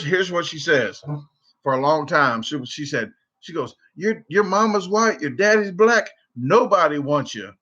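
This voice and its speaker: A man with a Southern US accent telling a rambling story casually on a livestream, with many restarts. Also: mid-range voice. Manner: rambling, repeats and restarts, animated when quoting. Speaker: livestream host. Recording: dull lo-fi livestream audio.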